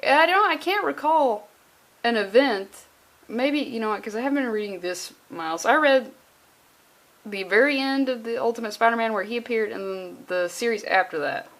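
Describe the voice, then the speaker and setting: A young woman rambles through a comic book review in a casual vlog. She is sarcastic and swears freely. Her voice sits a little high for a woman. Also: lively intonation, moderate pace, fairly bright tone.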